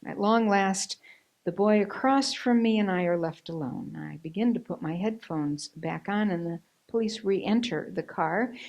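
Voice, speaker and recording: A woman's voice: lowish voice, rough recording. Earnest woman preacher telling a story. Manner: earnest storytelling, voices quoted dialogue; hushed, whispered recitation of a poem. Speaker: minister. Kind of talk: sermon with personal story. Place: church sanctuary.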